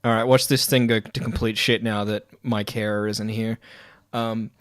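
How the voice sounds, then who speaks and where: A man's voice: on the low side, level tone, normal speed, no echo, clean studio sound. A man hosting a casual live stream chat, swearing freely and laughing often. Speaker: podcast host.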